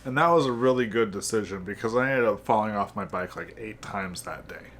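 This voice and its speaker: A man hosting a podcast, telling jokes in a dry, deadpan way. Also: fairly low pitch, a little fast. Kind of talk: casual joke telling.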